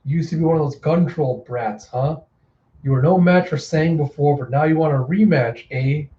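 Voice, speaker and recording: A man's voice: on the high side, moderate pace, echoey room, highs cut off, close to an everyday voice. A man voicing a brash young male fighter who taunts his opponents bluntly. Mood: taunting.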